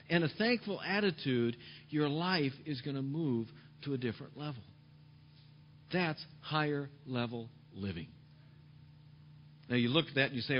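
A male pastor preaching a sermon emphatically, repeating key phrases and dropping to soft tones, on a dull lo-fi recording. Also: fairly high pitch, animated, moderate pace.

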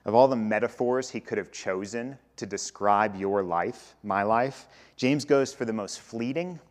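A man's voice: on the low side, a little slow. A man in his thirties, a pastor, preaching a sermon in a conversational way, often repeating and restarting phrases.

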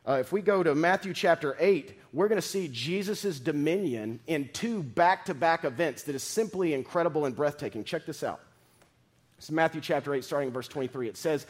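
Animated man preaching a sermon. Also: a little high, fairly quick. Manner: animated preaching with big swings from loud to hushed; dramatic scripture reading. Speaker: pastor.

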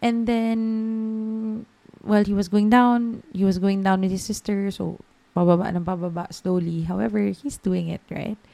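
A woman's voice: medium pitch, steady tone, normal speed, vocal fry, dark tone. A woman in her thirties with a Filipino accent, hosting a podcast and telling a story in a chatty way, with Tagalog words mixed into her English. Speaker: podcast host. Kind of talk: casual storytelling monologue.

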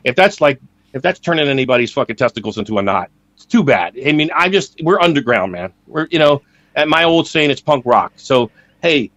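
A man's voice: mid-range voice, lively intonation, a little fast, a bit bright, no echo, dull audio. A man co-hosting a podcast, talking bluntly and profanely in laid-back casual chat. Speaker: podcast co-host.

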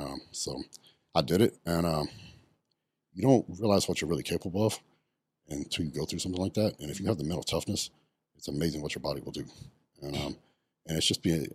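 A man's voice: very deep voice, husky, no room sound. A middle-aged man, telling his story bluntly in a casual podcast interview, swearing often. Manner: blunt and profane, many ums. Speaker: podcast guest, retired bodybuilder.

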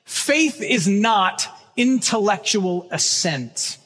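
Higher-voiced guy preaching, earnest, leans on key words, echo of a big church. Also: expressive, fairly bright tone. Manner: earnest, emphatic, slows on key phrases. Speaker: pastor. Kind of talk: sermon. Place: church sanctuary. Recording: long church reverb.

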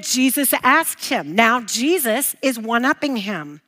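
A woman's voice: on the high side, big pitch swings, slow pace, sharp tone. A woman teaching a bible lesson, emphatic, posing questions and answering them herself. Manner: emphatic, repeats key points, asks and answers own questions.

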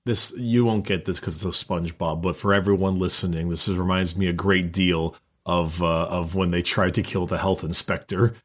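A man co-hosting a casual podcast, cutting in with jokes and quick reactions. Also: low-pitched, steady tone, a bit bright. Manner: joking, reactive interjections. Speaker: podcast co-host.

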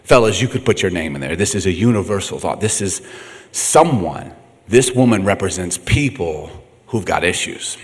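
A man's voice: deep voice, moderate pace, breathy edge. A middle-aged man preaching a sermon, telling funny family stories with lots of laughter and acted-out voices. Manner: animated, laughing, acts out quotes. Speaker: pastor. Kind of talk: humorous sermon storytelling. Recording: echoey hall reverb.

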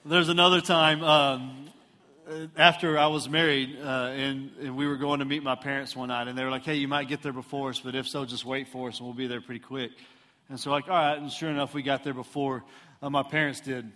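Recorded in an echoing hall, this Houston, Texas preacher is middle-aged, with a mid-range voice and a fairly quick delivery. His sermon is built on humorous stories at his own expense, told with animation as he performs each character's voice.

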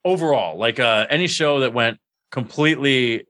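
A man's voice: mid-range voice, moderate pace, fairly bright tone, no echo. Easygoing male host, dry close sound. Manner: curious, easygoing questioner. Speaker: podcast host. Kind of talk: casual interview.

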